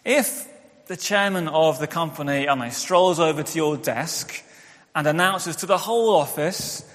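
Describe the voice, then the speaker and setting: A man's voice: fairly high pitch, normal speed, a bit bright. A young man preaching a sermon as pastor, candid and conversational, with self-deprecating asides. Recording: church hall with long reverb.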